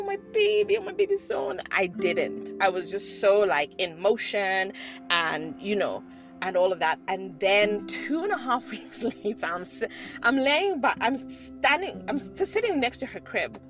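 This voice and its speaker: Chatty woman in her 30s vlogging, laughs a lot, music playing behind her. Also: medium pitch. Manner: chatty, laughs often, many fillers and restarts. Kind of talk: personal storytelling to camera. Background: background music.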